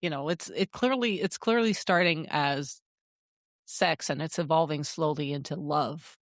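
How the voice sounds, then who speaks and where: A woman with a slightly low voice co-hosts a gaming podcast, chatting casually. She is blunt and swears freely, telling stories with animation. Her voice sounds dry and close to the microphone. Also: measured pace, dry recording. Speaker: podcast co-host. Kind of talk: casual chat.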